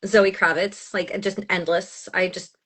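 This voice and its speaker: An animated woman in her thirties chatting as a guest. She gushes, laughs often and talks at an everyday middle pitch, sounding relaxed and personal. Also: unhurried. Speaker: audiobook narrator, guest. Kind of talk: casual chat.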